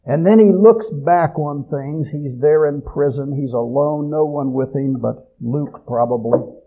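A man preaching a sermon, swelling loud on key phrases and dropping low at the ends. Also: a little slow, slightly rough. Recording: tinny phone-like audio.

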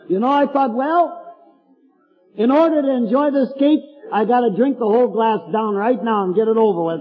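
An older man preaching a folksy storytelling sermon with chuckling asides, heard through a tinny, echoey hall recording. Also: high voice.

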